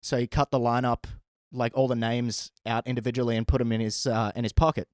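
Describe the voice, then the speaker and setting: A man and stand-up comedian telling a story in a casual, animated way, often laughing as he goes. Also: medium pitch, a little fast, no echo.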